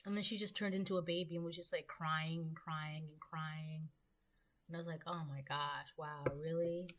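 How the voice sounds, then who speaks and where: A woman with a slightly low voice gives an informal tarot reading to her viewers. She talks in a loose, rambling way, full of ums and casual swearing. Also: level tone, moderate pace, a bit bright. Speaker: tarot reader.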